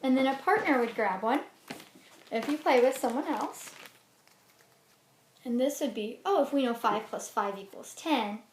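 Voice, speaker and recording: Brief: female teacher, storytime read-aloud and lesson, higher voice, roomy echo. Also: moderate pace, pauses often. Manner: expressive storybook reading with lively swings. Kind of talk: reading a children's book aloud and giving a lesson. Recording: roomy echo with faint noise.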